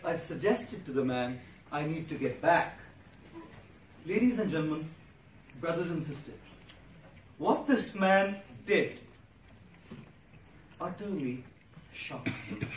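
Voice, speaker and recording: Man, monk, inspirational speech, storytelling, echoey hall, noisy, distant mic. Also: high-pitched. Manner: storytelling, rhetorical, lists words with pauses. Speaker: monk giving a motivational talk. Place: large hall before an audience.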